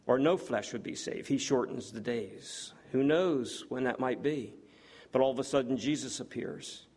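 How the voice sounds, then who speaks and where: A man preaching a sermon, earnest and building to excited exclamations, with frequent fillers and restarts. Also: medium pitch.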